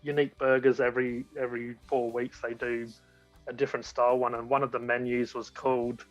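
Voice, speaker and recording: A man's voice: mid-range voice, little pitch movement, fairly quick, faint music behind. A man as a guest in a casual chat, talking enthusiastically and rambling with frequent restarts. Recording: dull lo-fi audio.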